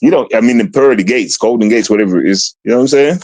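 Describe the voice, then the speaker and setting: Taunting, lively-voiced male streamer. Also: mid-range voice, quick pace, hardly any pauses, a little hiss or hum. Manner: taunting, lively, swears a lot. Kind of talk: casual stream chat.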